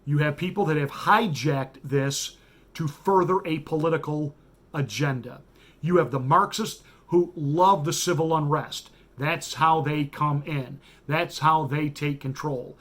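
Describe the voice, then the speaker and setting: A man's voice: on the high side, measured pace, fairly bright tone. A man, a pastor hosting a radio show, giving a blunt, sarcastic political monologue with emphatic repetition.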